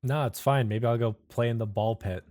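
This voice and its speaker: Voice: medium pitch, brisk, darkish tone, dry recording. A player joking wryly during a tabletop game session. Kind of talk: casual play.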